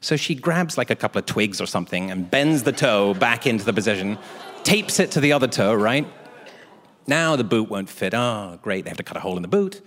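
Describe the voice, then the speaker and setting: Man, lively story, long reverb, studio guest. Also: lowish voice, a little fast. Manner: animated storyteller doing voices of others. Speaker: talk show guest. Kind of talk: comic anecdote.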